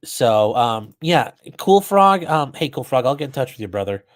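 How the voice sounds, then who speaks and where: This livestream host commenting on a trial has a middle-pitched voice with big pitch swings, at a moderate pace. He reads questions from chat and replies on the spot, chatty, blunt and openly profane.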